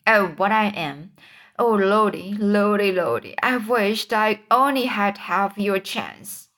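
A woman's voice: mid-range voice, animated, takes it slowly, fairly bright tone. A woman voicing Huck, a timid, superstitious boy whispering in fear in a storybook reading. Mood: fearful. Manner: fearful whispering.

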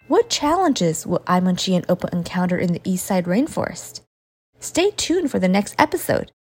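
Female storyteller for kids: husky timbre, lively sing-song delivery. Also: mid-range voice, moderate pace. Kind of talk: children's story narration.

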